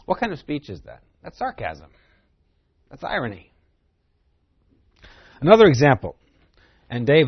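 A man's voice: medium pitch, dry recording, muffled recording. Man preaching a Bible lesson, dry sound. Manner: reads scripture aloud, then explains it plainly; conversational, with rhetorical questions. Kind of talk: Bible teaching sermon.

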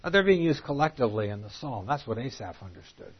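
In a dull, lo-fi classroom recording, a man leads a Bible study, reading passages in old-fashioned King James language before explaining them. His voice is husky and medium-pitched, and he speaks fast and very animatedly, growing emphatic with a rising tone on the quoted lines.

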